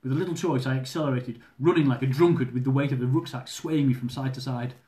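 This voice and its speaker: A man reading his own humorous travel memoir aloud, lively and dramatic, with comic swearing. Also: mid-range voice, quick pace. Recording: roomy echo.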